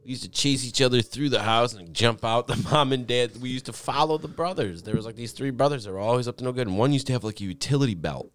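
A man's voice: fast, hardly any pauses, a bit bright. A man telling rowdy stories in casual chat, swearing a lot, laughing and squealing out other people's lines. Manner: profane, laughing storyteller; acts out voices with high squeals.

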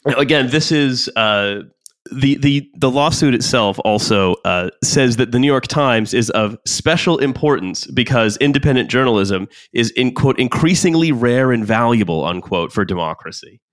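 A man with an ordinary mid-range voice, recorded close in a dry, dead room. He hosts a casual podcast discussion and talks in halting bursts full of fillers and restarts. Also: medium pitch, lively intonation, no echo. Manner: hesitant, many restarts and fillers. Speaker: podcast host. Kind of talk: casual podcast discussion, reading out legal text.

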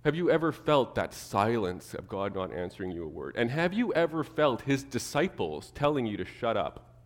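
A man preaching a sermon to his church, animated, acting out the people he quotes. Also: mid-range voice, normal speed, big-room sound. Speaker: pastor.

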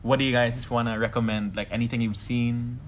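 A man hosting a casual group podcast chat, chatty and quick to laugh. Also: medium pitch, level tone, slight background noise. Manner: laughs often, chatty and playful. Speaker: podcast host.

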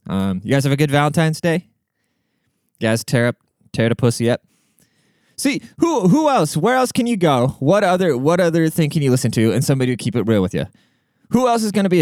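A man's voice: a little high, sing-song, fairly quick, a little mellow, no echo, studio quality. A young man hosting a solo podcast, ranting in a brash, profane, swaggering way. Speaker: podcast host.

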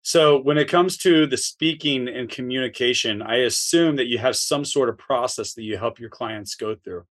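A man's voice: medium pitch, normal speed, fairly bright tone. Male interview host; loose, rambling questions that he restarts mid-sentence. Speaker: podcast host.

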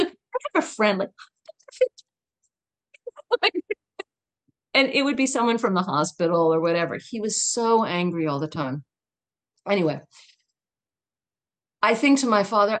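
A woman's voice: lowish voice, animated, moderate pace, pauses often, fairly bright tone. A middle-aged woman speaking as a guest in an interview, telling a personal story in a candid, emphatic way with laughs and asides.

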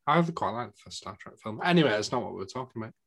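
A man's voice: lowish voice, lively intonation, racing, gravelly, fairly bright tone. Joking British man reviewing films. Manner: dry, joking, British slang. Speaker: podcast co-host. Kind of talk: casual film review chat.

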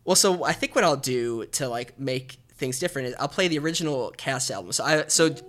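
A man's voice: medium pitch, animated, a little fast, fairly bright tone. A man co-hosting a podcast, chatting enthusiastically in long rambling runs. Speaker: podcast co-host. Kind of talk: casual chat about musicals.

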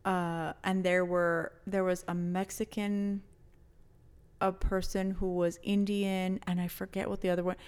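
A woman's voice: on the low side, level tone, a little slow, a little mellow, smooth. A young woman co-hosting a podcast, talking with passion and emphasis, swearing freely and mixing in Spanish words. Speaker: podcast co-host. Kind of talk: casual podcast chat.

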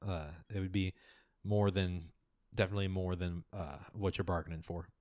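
A man voicing a formal, mysterious male scholar who guides the party, speaking in a measured, somewhat hesitant way. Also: low voice, little pitch movement, darkish tone, dry recording, clean studio sound, close to an everyday voice. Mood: earnest.

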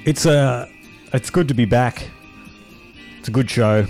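A man's voice: medium pitch, measured pace, a little mellow, faint music behind. A man co-hosting a podcast, talking in a casual, rambling way. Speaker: podcast co-host. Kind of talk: casual chat.

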